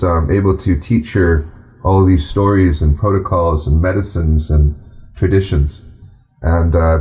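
A man teaching a class, speaking unhurriedly with many fillers and restarts, then reading aloud slowly to the group. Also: sits low, darkish tone, rough recording. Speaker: language and culture teacher.

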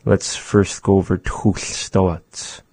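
Man, language lesson, very low voice, slow thoughtful pace, repeats phrases softly. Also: level tone, breathy edge, no echo. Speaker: language teacher.

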